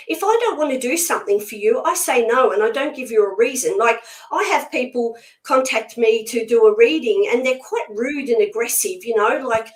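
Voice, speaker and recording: A woman speaking as a spiritual medium guest in a casual conversation, blunt, emphatic and outspoken. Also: fairly high pitch. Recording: echoey room sound.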